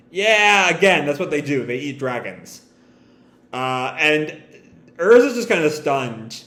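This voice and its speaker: A man's voice: on the high side, sing-song, slow pace, pushed and bright. A man reacting live to a manga chapter, thinking aloud with hesitant restarts. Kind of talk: live reading and reaction commentary. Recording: echoey room.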